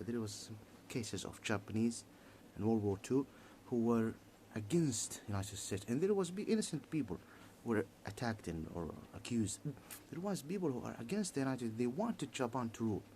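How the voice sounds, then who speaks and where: A man giving a heated political monologue in halting, repetitive English, restarting his sentences often. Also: medium pitch, darkish tone, a little hiss or hum.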